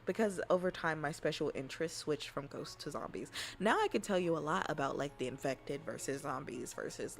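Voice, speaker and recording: A woman streamer chatting casually in a soft ASMR style, rambling and giggly, often dropping into whispers. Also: low voice, expressive, fairly quick, vocal fry, few pauses, slight background noise.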